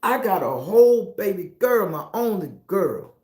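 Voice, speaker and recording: This middle-aged Southern US man has a high, darkish voice with big pitch swings, speaking at normal speed in an echoey room. A tarot reader, he delivers a spiritual monologue that's preachy, profane, and confessional.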